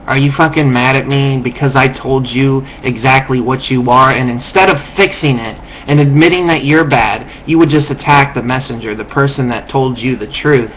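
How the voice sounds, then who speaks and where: A man's voice: medium pitch, a bit bright, a little hiss or hum, poor audio. A man delivering a profane, contemptuous ranting monologue as a vlogger, lecturing his viewers.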